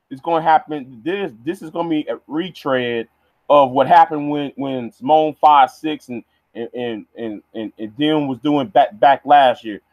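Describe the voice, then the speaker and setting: High-voiced, stammering ranting man. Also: no echo, muffled recording. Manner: heated, stammering, repeats words. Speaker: vlogger. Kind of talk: ranting livestream monologue.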